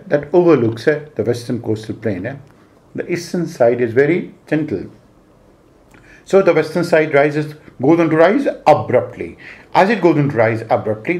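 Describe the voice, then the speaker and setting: A man's voice: mid-range voice, darkish tone. A man with an Indian English accent giving a lecture. He talks in repetitive phrasing with frequent "uh" and "eh" fillers. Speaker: geography teacher. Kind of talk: explanatory lecture.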